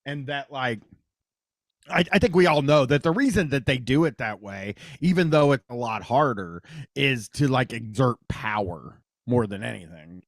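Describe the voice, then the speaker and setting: Rambling Midwestern radio host, dry sound. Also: male voice, medium pitch, lively intonation, normal speed, dry recording. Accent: Midwestern American. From Columbus, Ohio, US Midwest. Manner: rambling, swears casually, laughs often. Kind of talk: casual radio talk show chat.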